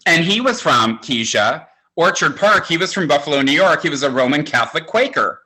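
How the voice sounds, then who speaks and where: A man's voice: fairly high pitch, animated, fairly quick, background noise. A man in his sixties doing stand-up comedy, telling campy, self-mocking stories. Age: 60s.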